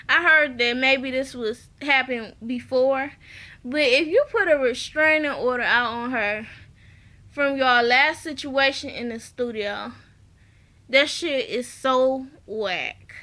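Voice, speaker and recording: A woman's voice: high voice, slow pace, sharp tone. A woman giving a casual, slangy recap of a reality show, blunt and opinionated and breaking into laughs. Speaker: TV show reviewer.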